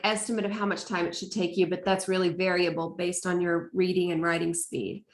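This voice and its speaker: A woman college instructor walking students through her course in a relaxed, chatty way, with fillers. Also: medium pitch, reverberant. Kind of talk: casual course walkthrough.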